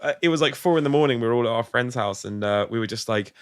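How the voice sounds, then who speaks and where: A man's voice: mid-range voice, fast talker, smooth. A man co-hosting a podcast, chatting casually and telling stories with lots of swearing and laughter. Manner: animated, swearing, laughing storyteller. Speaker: podcast co-host. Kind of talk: casual chat.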